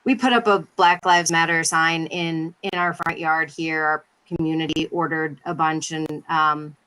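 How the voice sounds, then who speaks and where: A woman's voice: low voice, a little slow, clean tone. A woman panelist speaking frankly and telling stories in a casual video-call panel discussion. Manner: frank, animated storytelling.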